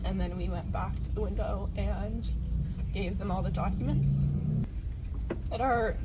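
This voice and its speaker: A woman filming a confessional video in a car, talking in a tearful, halting, repetitive way. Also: medium pitch, very noisy. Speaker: social media poster.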